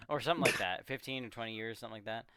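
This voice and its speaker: A man co-hosting a podcast, recapping a movie in casual chat with animated storytelling. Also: mid-range voice, fast, crowd noise. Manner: animated storytelling, jumps into quoting characters. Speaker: podcast co-host.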